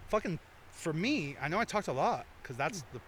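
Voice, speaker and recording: A man's voice: fairly high pitch, big pitch swings, moderate pace, a crowd in the background. A man telling long, profane anecdotes as a podcast guest, slipping into quoted voices. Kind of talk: casual podcast storytelling. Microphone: headphones and studio mic.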